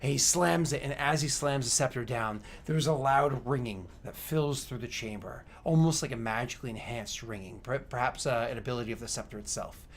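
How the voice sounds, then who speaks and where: A man narrating a tabletop game as game master, describing scenes with frequent pauses and fillers. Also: mid-range voice, slight background noise.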